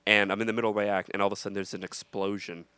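A man's voice: fairly low pitch, racing, clean tone, no echo. A male comedian hosting a podcast, telling stories in a casual chat and acting out the voices of the people in them. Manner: animated storyteller acting out voices.

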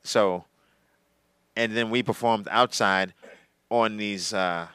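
A male comedian with a low voice that is bright and smooth talks easily about his gigs. He sounds relaxed and laughs freely. The sound is dry and close. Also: slow, no echo. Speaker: comedian guest. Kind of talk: casual chat.

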